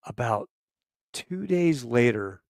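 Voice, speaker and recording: Gravelly man telling a war story. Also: mid-range voice, lively intonation, takes it slowly, dry recording, studio quality. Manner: profane, loud bursts and quiet asides. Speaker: podcast guest. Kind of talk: casual storytelling.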